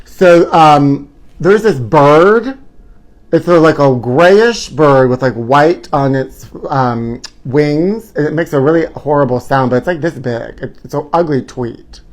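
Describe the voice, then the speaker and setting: Speaking unhurriedly with few pauses, a man with a slightly high voice runs his own live stream through his own camera. He gossips in a campy, theatrical way, calling his audience "honey" and "trashies" in this casual chat.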